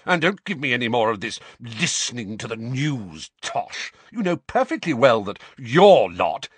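A man playing a furious, bullying middle-aged uncle who snarls and croaks with rage. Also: mid-range voice, sing-song, unhurried, no echo, pitched above the performer's own voice.

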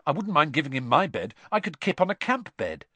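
A man voicing an excitable, starstruck teenage boy wizard who gushes and scoffs by turns, in a lively reading. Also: a little high, husky, dry recording, pitched above the performer's own voice, exaggerated voice. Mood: scornful. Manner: eager, gushing, quick to scorn.

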